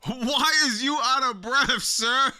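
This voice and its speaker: A man with an extremely high, pushed and bright voice streams casual reaction commentary on wrestling clips, taking it slowly. He talks to his chat in slang and laughs often.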